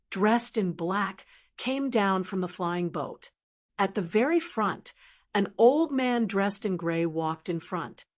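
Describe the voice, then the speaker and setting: A woman narrating a fantasy novel as an audiobook, in a steady, plain storytelling manner. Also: medium pitch.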